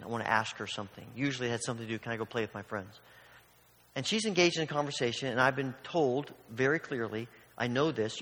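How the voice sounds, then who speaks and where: A man's voice: medium pitch, sharp tone, in a large hall. A man preaching a sermon in a conversational, storytelling way, acting out the voices in his stories. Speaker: pastor.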